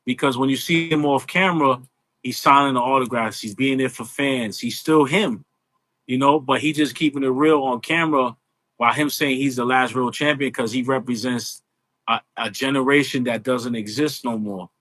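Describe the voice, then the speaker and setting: Male guest, animated casual chat, bright tone. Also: mid-range voice, normal speed, dry recording. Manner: animated, conversational, repeats "you know". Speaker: guest, social media influencer.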